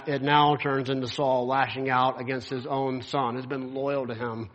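A man's voice: medium pitch, little pitch movement, moderate pace, fairly bright tone, muffled recording. A man preaching a sermon, reading scripture aloud and explaining it in a casual, conversational way with lots of filler words. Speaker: pastor.

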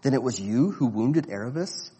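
A man voicing a frightened young orphan boy who pleads in a high, rushed voice. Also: lively intonation, warm tone, breathy edge, big-room sound.

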